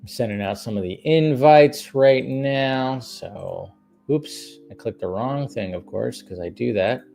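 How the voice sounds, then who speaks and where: A man's voice: medium pitch, unhurried, gravelly, warm tone, soft background music. A man hosting a live stream, chatting casually about movies, rambling with many fillers and repeated phrases. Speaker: livestream host.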